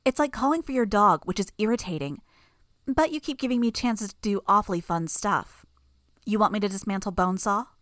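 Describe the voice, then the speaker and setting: A woman voicing a sarcastic, sharp-witted young woman in a fan audiobook. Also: mid-range voice, animated, dry recording, clean studio sound, pitched above the performer's own voice, lightly acted. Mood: wry. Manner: sarcastic, quick. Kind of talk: audiobook character voice.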